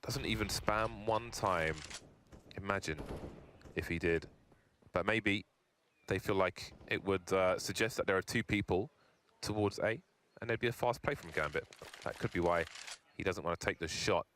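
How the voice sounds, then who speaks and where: A man doing quick, excitable play-by-play esports commentary in a studio, with dry jokes between calls. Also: sits low. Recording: noisy broadcast with game sounds.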